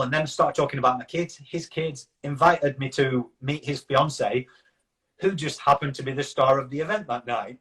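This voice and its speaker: A man with a Yorkshire accent speaks as an interview guest. His voice sits a little higher than most men's, and his rambling, anecdotal storytelling keeps slipping into quoted lines from other people. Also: fairly quick, a bit bright. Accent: Yorkshire English. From Yorkshire, England.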